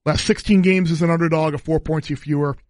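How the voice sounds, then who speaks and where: A man co-hosting a sports betting podcast, measured and agreeable, quoting stats. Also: on the high side, steady tone, a little mellow, dry recording, studio quality. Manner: measured, stat-heavy, agreeable. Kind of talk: casual sports betting chat.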